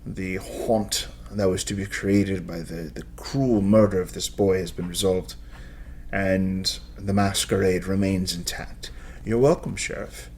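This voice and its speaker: A man's voice: low-pitched, steady tone, measured pace, darkish tone, a little hiss or hum. A man voicing a smug scholarly vampire seneschal.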